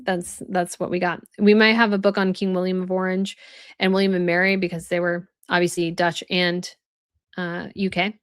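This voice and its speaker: A woman's voice: fairly low pitch, little pitch movement, moderate pace, clear, resonant tone, dry recording, clean studio sound. Chatty woman hosting a live stream. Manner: chatty, thinks aloud with many "like" fillers. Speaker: host reading live chat. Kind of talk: casual live-stream chat.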